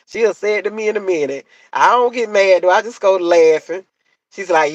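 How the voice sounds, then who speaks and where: A woman's voice: fairly low pitch, fairly quick, darkish tone, no echo, highs cut off. A middle-aged woman chatting casually to her live-stream viewers, repeating herself and laughing easily. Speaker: live-stream content creator.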